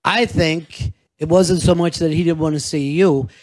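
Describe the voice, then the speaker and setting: A man's voice: fairly high pitch, steady tone, normal speed, a little mellow. Blunt, earnest male radio host. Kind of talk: interview conversation. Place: comedy club.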